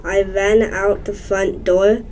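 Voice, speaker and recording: A woman reading a short story aloud in a slow, even way. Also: medium pitch, a little hiss or hum, rough recording. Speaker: story reader.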